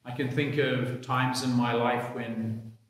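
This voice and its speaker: A man, a priest, reading the gospel and preaching a sermon in a slow, measured, reflective way. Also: mid-range voice, flat delivery. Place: church. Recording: echoey church hall.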